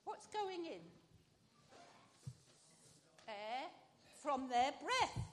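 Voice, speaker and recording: A woman's voice: sits high, big pitch swings, extremely slow, fairly bright tone. A woman giving a sermon at an all-age church service, talking directly with the congregation and asking the children questions.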